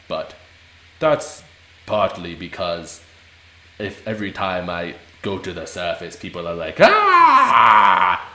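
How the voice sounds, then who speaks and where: A man's voice: sits low, sharp tone, roomy sound, a little hiss or hum, heavily acted. A man voicing a grumpy male demon from the fiery depths, complaining in a whiny drawl.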